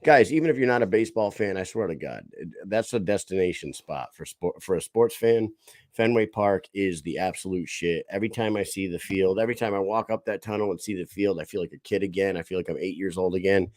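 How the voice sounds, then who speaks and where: A man's voice: deep voice, brisk, dry recording, clean studio sound. Boisterous, profane man. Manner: boisterous, swears freely, animated storytelling. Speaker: podcast co-host. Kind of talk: casual profane chat.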